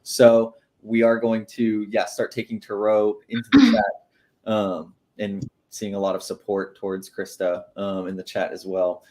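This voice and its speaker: A man's voice: fairly low pitch, measured pace, darkish tone. A man hosting a live stream, reading out promotions and moving the show along in an upbeat way. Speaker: livestream host.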